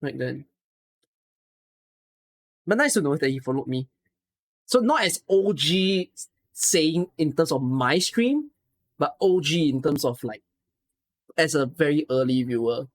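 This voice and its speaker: A streamer talks casually into a close desk mic, worn out and audibly emotional. The voice sits in a middle pitch and keeps jumping into excited bursts before settling back into tired, sentimental chat. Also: measured pace, long pauses. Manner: emotional, excitable, near tears. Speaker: streamer reading follower names.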